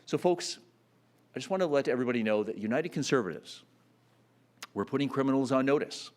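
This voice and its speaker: A man's voice: medium pitch, expressive, brisk, a little mellow. A man giving a campaign speech at a public announcement, earnest and full of fillers and restarts. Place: announcement event.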